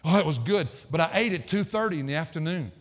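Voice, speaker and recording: A pastor preaching with a fairly high-pitched man's voice. He moves between loud, emphatic declamation and quiet, chatty asides. The sound rings with the long reverb of a church sanctuary. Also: animated, quick pace. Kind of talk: sermon.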